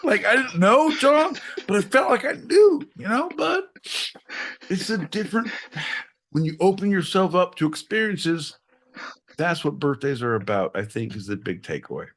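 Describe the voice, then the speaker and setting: Man, high bright voice, swooping pitch, animated comic ranting, live podcast. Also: normal speed. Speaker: podcast co-host. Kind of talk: improvised comedy bit at a live show.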